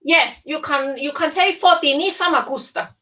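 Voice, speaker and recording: A woman performing a formal, deadpan woman character, over a video call. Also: sits high. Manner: slow, deliberate, formal phrasing. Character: formal, deadpan Greek Cypriot woman guest. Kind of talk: online comedy character act.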